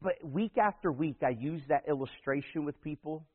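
A man, a pastor, preaching a sermon. He tells a story from his church and builds to loud, emphatic peaks. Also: fairly high pitch, moderate pace, big-room sound. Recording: tinny phone-like sound.

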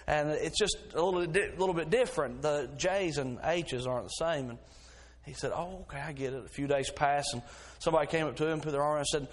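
A middle-aged male pastor, his voice a bit high for a man, talks fast from the pulpit. His sermon moves from easygoing, folksy anecdotes about everyday life into fervent, insistent exhortation.

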